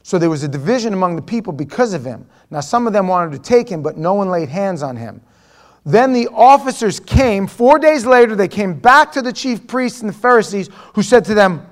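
A man preaching a verse-by-verse sermon, swinging between hushed, intimate asides and loud, mocking quotes of imagined listeners. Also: sits high, brisk. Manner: animated preaching, swinging from hushed asides to near-shouting mimicry. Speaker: pastor. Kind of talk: expository sermon.

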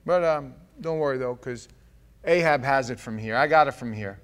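A man's voice: mid-range voice, normal speed, clear, resonant tone. A man preaching a sermon, joking and acting out the scripture with voices. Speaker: pastor.

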